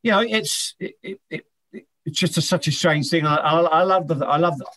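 A former footballer from England with Northern Irish parents chats casually as an interview guest. His voice is a little high, brisk, and a bit bright, and he often restarts and repeats words while telling stories.

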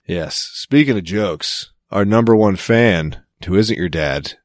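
A man's voice: lowish voice, unhurried, dry recording. A man co-hosting a podcast in casual chat, laid-back and dry, swearing freely. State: clearing throat with hiccups. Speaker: podcast co-host.

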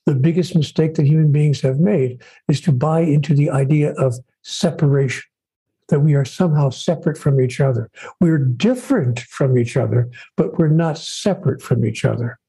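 A man with a slightly high, warm voice that is deeply husky and breathy. He speaks about spirituality as an interview guest. His delivery is measured and emphatic, and he stacks phrases into rhythmic lists. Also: poor audio.

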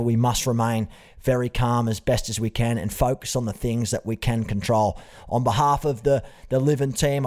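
A young Australian man hosts a casual podcast interview with a mid-range voice. He talks in an earnest, friendly way and keeps calling his guest mate. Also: mid-range voice. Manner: warm, earnest, says mate often. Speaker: podcast host.

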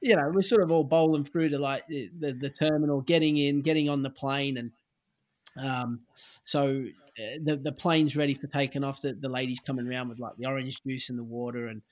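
A man's voice: medium pitch, brisk. A middle-aged Australian man, a former footballer, casually telling an anecdote and acting out the lines of the people in it. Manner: animated anecdote-telling, acts out quoted lines. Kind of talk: casual storytelling.

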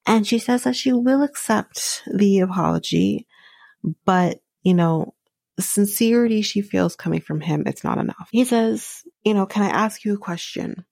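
A woman's voice: mid-range voice, a little slow, gravelly, darkish tone, no echo. A woman hosting a reality show recap podcast, giving blunt, profane opinions in casual commentary. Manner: blunt, profane, talks through fillers.

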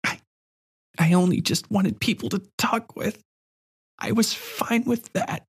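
A man's voice: a little slow, husky, exaggerated voice. A man doing a frightened pleading little girl. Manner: pleading, soft and high.

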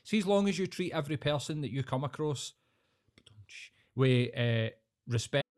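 A man's voice: mid-range voice, animated, moderate pace, a little mellow. A young Glaswegian man co-hosting a podcast, talking in emphatic, sweary banter. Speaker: podcast co-host. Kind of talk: casual chat.

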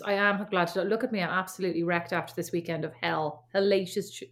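A woman co-hosting a podcast with her sister, chatting casually, wry and quick to laugh, swearing freely. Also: fairly low pitch, fairly even intonation, a bit bright. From Ireland. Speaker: podcast co-host. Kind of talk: casual chat. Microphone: remote recording call.

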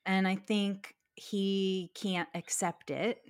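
A woman co-hosting a podcast, talking in casual chat with blunt, excitable opinions and plenty of swearing. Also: medium pitch, slow, smooth. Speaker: podcast host.

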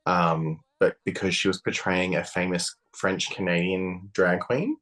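A man with a very low voice co-hosts a casual podcast chat. He talks bluntly and swears freely, getting animated as he goes. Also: measured pace. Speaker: podcast co-host.

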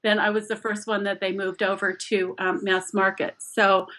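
Bright-voiced middle-aged woman telling stories. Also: medium pitch, moderate pace. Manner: animated storyteller, acts out quotes, laughs often. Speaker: author guest. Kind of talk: casual interview chat.

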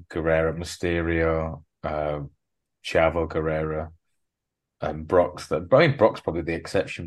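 A man co-hosting a wrestling podcast in casual chat, rambling and jokey with quick asides. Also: sits low. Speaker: podcast co-host.

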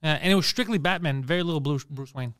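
High fast-talking guy on a podcast, animated storyteller, dry close sound. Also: clear, resonant tone, dry recording. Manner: animated storytelling with acted-out quotes; laughs through his stories. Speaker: podcast co-host. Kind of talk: casual podcast chat.

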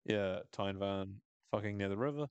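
A man hosting a podcast, recapping a TV episode in casual, animated talk, swearing and laughing often. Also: fairly low pitch, normal speed, smooth, no room sound, highs cut off. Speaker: podcast host.

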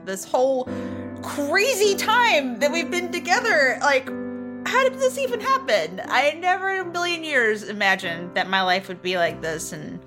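A woman voicing a warrior queen who halts and restarts through an earnest, heartfelt farewell. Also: on the high side. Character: adventurer queen saying a tearful farewell. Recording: music playing underneath.

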